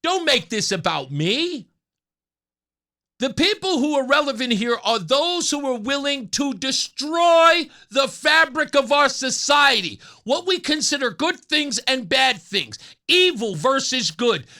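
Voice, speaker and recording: A man's voice: very high-pitched, lively intonation, unhurried, hardly any pauses, bright, forceful tone. A middle-aged man hosting a talk radio show, delivering an opinionated monologue and mocking opponents with put-on whiny voices.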